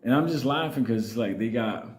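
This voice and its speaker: A man's voice: medium pitch, fairly quick, reverberant. A man from New York City with a New York accent, telling a comic story in a casual, profane way and laughing often.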